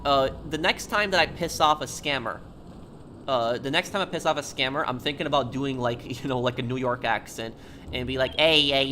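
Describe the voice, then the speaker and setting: A man's voice: medium pitch, a bit bright, a little hiss or hum. A man chatting casually on a live game stream, talking straight to his viewers and answering them.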